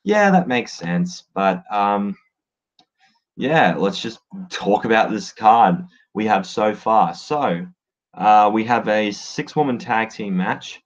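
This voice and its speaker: A man's voice: fairly low pitch, expressive, slow pace. A man giving casual solo commentary on wrestling, blunt and swearing freely, with lots of fillers. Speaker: wrestling podcaster. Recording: dull lo-fi sound.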